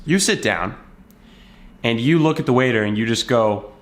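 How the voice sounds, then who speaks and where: A man speaking casually to his viewers about self-improvement. He explains his point through a story and slips into bits of acted-out dialogue as he goes. His voice sits at an ordinary middle pitch for a man. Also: expressive, normal speed. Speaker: self-help video creator. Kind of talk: casual motivational talk to camera.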